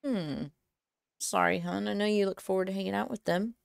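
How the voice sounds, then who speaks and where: A woman's voice: mid-range voice, a little fast, gravelly, clear, resonant tone, no room sound. A woman playing her character in a tabletop role-playing game, easygoing and with hesitant fillers. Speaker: player.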